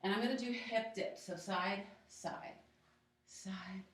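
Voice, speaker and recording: A woman guides a yoga workout, counting down reps and cheering students on with calm, step-by-step cues. Her voice sits in a very echoey room and is picked up from well away from the mic. Her pitch is mid-range for a woman. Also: takes it slowly, distant mic, slight background noise. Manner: encouraging, gives steady step-by-step cues and countdowns. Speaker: yoga instructor.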